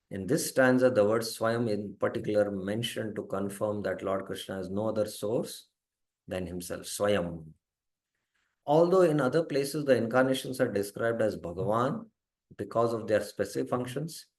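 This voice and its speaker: A man teaching a scripture class. He explains carefully, sometimes hesitates, and puts questions to his students. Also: lowish voice. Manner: quizzes students by name.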